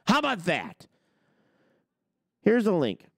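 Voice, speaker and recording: A man's voice: sits high, wildly swooping pitch, takes it slowly, gravelly, fairly bright tone, dry recording, studio quality. A man hosting a trucking business show, ranting on a livestream and firing off rhetorical questions. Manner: argumentative, fires off rhetorical questions. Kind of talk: livestream rant.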